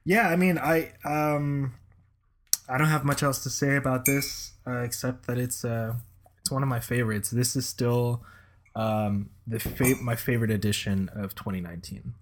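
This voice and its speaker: A man's voice: mid-range voice, fairly even intonation, moderate pace, slight background noise. A man co-hosting a casual podcast chat as a watch reviewer, speaking hesitantly with many restarts.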